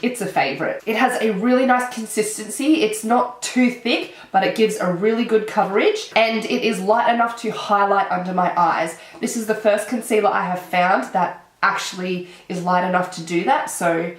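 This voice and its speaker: Young Australian woman, stuffy-nosed from a cold, chatty and excitable; mid-height voice in an echoey room. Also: medium pitch, normal speed, hardly any pauses. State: nasal from a cold. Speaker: beauty vlogger. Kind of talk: casual chat.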